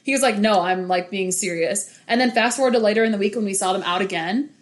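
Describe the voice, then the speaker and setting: A young woman guesting on a podcast, telling an animated story in casual chat and laughing often. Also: mid-range voice, fast talker.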